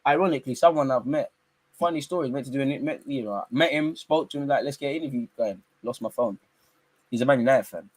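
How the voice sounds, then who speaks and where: Young male watch-along host, loose and slangy, with loud teasing bursts. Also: medium pitch, fast talker. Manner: teasing, slangy banter with sudden excited outbursts. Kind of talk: live football watch-along commentary.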